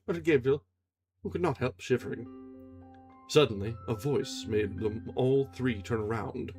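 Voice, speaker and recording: A man reading a classic novel aloud on a livestream, steady narration with casual asides. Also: fairly low pitch, normal speed, husky, soft background music. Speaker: audiobook reader on a livestream.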